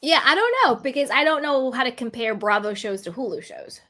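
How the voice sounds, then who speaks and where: Bubbly high-voiced woman host. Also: animated, a little fast, pushed and bright. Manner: playful and teasing, laughs often. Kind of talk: casual online chat.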